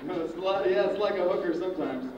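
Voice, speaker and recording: A man's voice: high voice, quick pace, very echoey, distant mic, dull audio, over a noisy crowd. A man performing a comic sketch, insistently and impatiently ordering with some profanity. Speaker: comedy performer.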